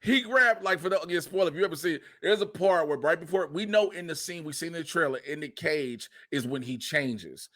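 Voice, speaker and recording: A man hosting a podcast in casual chat, animated and profane, acting out quotes in funny voices. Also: on the high side, fairly quick, few pauses. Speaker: podcast host.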